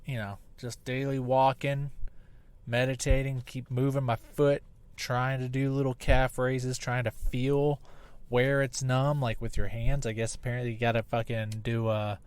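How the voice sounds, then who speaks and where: A man's voice: mid-range voice, little pitch movement, normal speed, a little mellow, no echo. Profane man in his thirties podcasting. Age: 30s. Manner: profane, rambling, self-deprecating. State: recovering from back surgery. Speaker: podcast host. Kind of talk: casual solo podcast monologue. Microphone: laptop mic on a video call app, close and popping. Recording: hot, crisp, poppy laptop mic.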